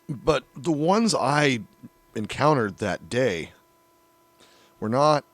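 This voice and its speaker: A middle-aged man telling a long, crude story in casual chat, swearing freely and getting animated. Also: mid-range voice, very slow, dry recording.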